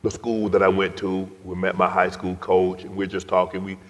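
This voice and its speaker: A middle-aged man with a low, deep voice tells a personal story at an event, his delivery swinging from loud to near-whispered. His voice rings out with the long reverb of a big hall. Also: monotone, moderate pace, dull audio. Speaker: guest speaker.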